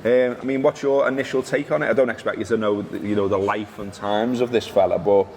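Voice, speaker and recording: A low-voiced man hosts a casual football chat show, joking, teasing and stumbling over names. His voice rings with a long hall reverb, and a faint hum sits behind him. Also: steady tone, quick pace, a little mellow. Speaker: podcast host.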